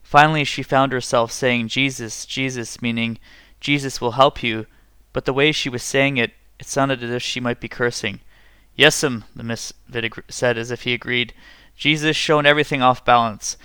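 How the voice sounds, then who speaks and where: Brief: male narrator, bright resonant tone, dry close sound, steady reading. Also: medium pitch, fairly quick, clean tone, no echo. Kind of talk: story reading.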